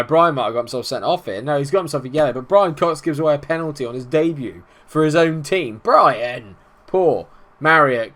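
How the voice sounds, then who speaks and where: A young man casually commenting on his football management game, getting excitable and shouting at big moments. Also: mid-range voice, normal speed. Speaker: gaming YouTuber.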